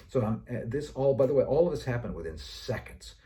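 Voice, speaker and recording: A middle-aged man telling a story in a talk, lively and acting out voices as he goes. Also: medium pitch, fairly quick, hardly any pauses, distant mic. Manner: animated storyteller, acts out voices. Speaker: educator giving a talk.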